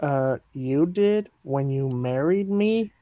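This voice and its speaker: A woman's voice: low-pitched, lively intonation, takes it slowly, mellow, dry recording. A woman voicing a spirited young princess wife in a fan dub, patient and coaxing. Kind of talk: fan dub of an animated film.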